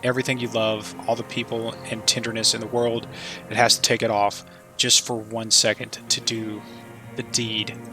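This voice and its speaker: A man voicing a frail, bitter old soldier in his sixties, delivering a grim, haunted monologue in a flat voice. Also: fairly low pitch, moderate pace, soft background music, rough recording. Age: 60s.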